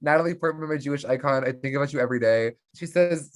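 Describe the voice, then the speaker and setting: A podcast co-host chatting casually and retelling a film, with lively delivery and quick character voices when quoting. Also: mid-range voice. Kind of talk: casual chat, recapping a film.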